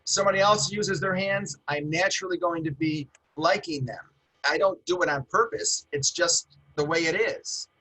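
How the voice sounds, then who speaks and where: A middle-aged man who talks fast and animated, teaching sales skills on a video call. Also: on the high side, rough recording. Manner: fast-talking, animated, with hand gestures. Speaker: guest trainer on a webinar. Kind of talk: casual webinar teaching.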